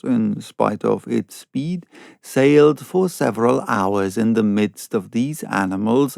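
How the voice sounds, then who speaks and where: A man reading a classic novel aloud as audiobook narration, in a measured, deliberate way. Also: medium pitch, vocal fry, a little mellow, no echo, clean studio sound. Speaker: audiobook reader.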